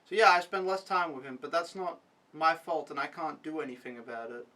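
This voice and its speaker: Young man, casual vlog, rambling and blunt, bright tone, a bit off-mic. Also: fairly high pitch, brisk, distant mic, poor audio. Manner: frank, rambling, swears freely. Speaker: au pair vlogger.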